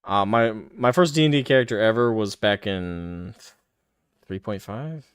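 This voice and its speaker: A man's voice: on the low side, animated, measured pace, clean tone, dry recording, clean studio sound. A man hosting a casual podcast chat in a laid-back, agreeable way. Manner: laid-back, agreeable, reads super chats. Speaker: host.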